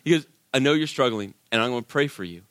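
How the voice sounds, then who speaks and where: A man's voice: mid-range voice, quick pace, no room sound, studio quality. A man, a worship leader, telling a personal story as a sermon and acting out the voices of people in it. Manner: animated, acts out quoted voices.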